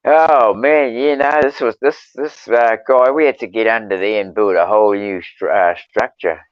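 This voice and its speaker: Man, New Zealand accent, low voice, halting casual storytelling, dry lo-fi sound. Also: fairly even intonation, no room sound. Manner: halting, many restarts and fillers. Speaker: podcast guest, stonemason. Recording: dull lo-fi sound.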